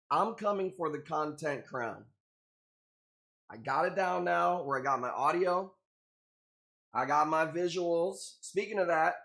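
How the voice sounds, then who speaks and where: Male live-stream host, slightly high voice, upbeat casual chat, greets viewers by name. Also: fairly bright tone.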